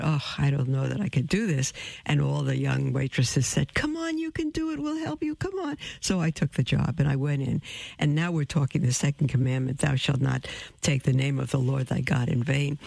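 A woman hosting a call-in radio show, telling stories in an animated way and acting out the voices of the people in them. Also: rumbling low, creaky, no echo. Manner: animated, acts out quoted voices, laughs often.

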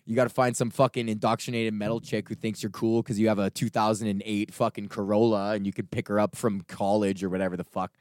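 A young man hosting his own podcast, ranting in a casual, profane, animated way and acting out the people in his stories. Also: fairly low pitch, fast talker, few pauses, no echo, clean studio sound. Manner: profane, animated storytelling with acted-out quotes. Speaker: podcast host.

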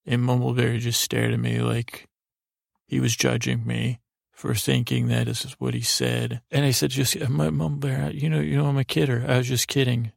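Flat, gravelly man rambling a bedtime story. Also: medium pitch, no echo, studio quality. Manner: halting, meandering, many restarts and fillers. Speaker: sleep podcast host.

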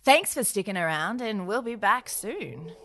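A woman's voice: mid-range voice, very animated, a little slow, a bit bright, a little hiss or hum. A woman co-hosting a podcast, teasing her partner sarcastically and laughing often. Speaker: podcast co-host. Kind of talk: casual banter.

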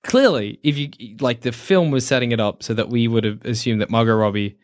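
A man's voice: medium pitch, a little fast. A young man, likely from Australia, co-hosting a casual film review podcast, sweary and mocking, often acting out characters in asides. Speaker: podcast co-host.

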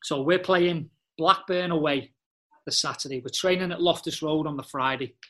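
A man tells animated, blunt dressing-room stories, full of slang and swearing. His voice sits a little high for a man. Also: moderate pace. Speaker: podcast guest, former footballer. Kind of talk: casual storytelling chat.

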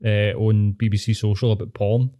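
A man's voice: fairly low pitch, flat delivery, moderate pace, dark tone. A Glaswegian man chatting casually on a podcast, dry and sweary, laughing often. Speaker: podcast co-host. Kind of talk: casual chat.

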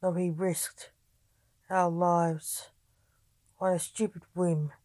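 Storybook young lady, bitter and resentful, as a woman reads her; slow, dry delivery. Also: on the low side, flat delivery, darkish tone, no room sound. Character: resentful young bride in a forced marriage.

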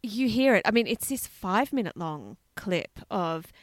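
A woman co-hosting a podcast, chatting casually and telling stories with excitement, laughing often. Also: medium pitch, normal speed, no room sound. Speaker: podcast co-host. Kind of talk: casual chat.

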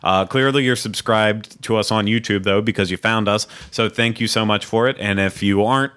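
A man's voice: fairly low pitch, normal speed, fairly bright tone, clear, resonant tone. A man hosting a casual podcast, rambling and joking and laughing often as he chats with his co-hosts. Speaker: podcast host. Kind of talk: casual chat.

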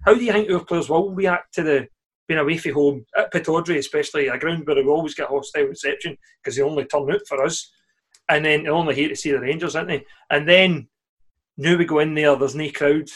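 A Scottish man talks football with his mates on a podcast, chatty and relaxed, swearing freely. His voice sits a little higher than most men's. He laughs easily between points. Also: brisk, slightly rough. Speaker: podcast co-host. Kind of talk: casual football chat.

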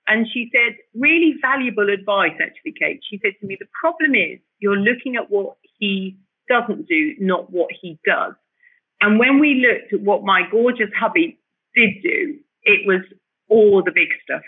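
A woman telling her story as an interview guest, animated and emotional, often restarting her sentences. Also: a little high, normal speed, slightly rough. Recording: tinny phone-like line.

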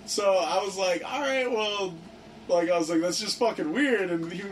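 Excitable young man, distant mic. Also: sits high, normal speed. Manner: excited, profane, heavy use of "like". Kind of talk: casual storytelling among friends. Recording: distant mic with faint background noise.

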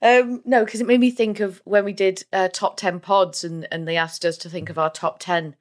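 A woman co-hosting a podcast, talking in a chatty, animated way with casual swearing. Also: mid-range voice, normal speed. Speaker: podcast co-host.

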